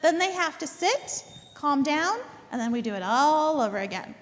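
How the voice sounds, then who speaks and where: Very high-voiced woman dog trainer. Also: very animated, moderate pace, in a large hall. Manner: instructive, repeats words for emphasis, checks in with "okay?". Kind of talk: group class instruction. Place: indoor dog training facility.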